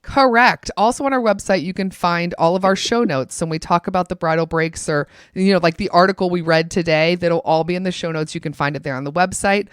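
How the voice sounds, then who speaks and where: A woman's voice: lowish voice, fairly quick, hardly any pauses, clear, resonant tone, no echo, studio quality. A woman co-hosting a chatty podcast, upbeat and giggly as she quizzes her co-host. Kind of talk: casual podcast chat.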